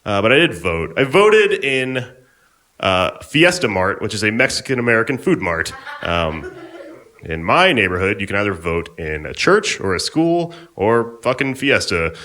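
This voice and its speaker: A young male stand-up comedian works a live room with a loose, rambling, offhand delivery. His voice sits on the low side but has a bright, forward edge. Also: big pitch swings, normal speed. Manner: laid-back, rambling, offhand. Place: live comedy venue on stage.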